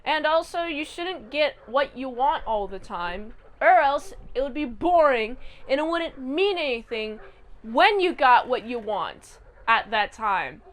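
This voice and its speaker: A woman recapping a TV episode in a casual, chatty, animated way, adding her own sound effects. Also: high-pitched, measured pace. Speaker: channel host reviewing a TV episode.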